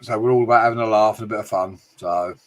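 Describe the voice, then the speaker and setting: A man's voice: lowish voice, fairly even intonation, quick pace. A British man hosting a casual livestream, greeting chat viewers and joking with frequent swearing and laughter. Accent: British English. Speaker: livestream host reading chat.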